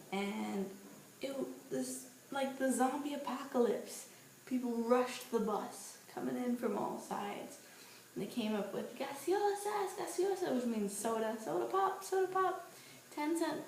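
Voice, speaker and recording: A young woman in her twenties chats to a handheld camera, telling stories in a lively, playful way. The sound is roomy and echoey. There is a faint hum of ambient noise behind her. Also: mid-range voice. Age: 20s. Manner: chatty, animated, playful storytelling. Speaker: vlogger. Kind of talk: casual vlog monologue. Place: outdoors on a street at night.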